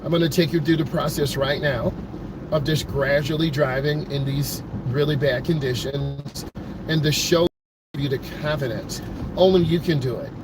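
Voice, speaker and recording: Man, driving instructor, calm repetitive coaching, slightly high voice, clear road and engine noise behind. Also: moderate pace. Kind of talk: in-car driving lesson. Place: inside a car driving on snowy roads.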